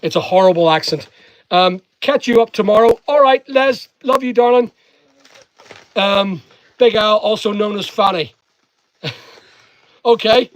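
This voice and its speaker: Man, mixed northern irish and english accent, fairly high voice, live stream host, reads chat aloud, banters with viewers. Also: a little slow, long pauses, dry recording, low-quality recording. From Northern Ireland. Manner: chatty, jokey, reads viewer comments and answers them. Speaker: online seller and live streamer.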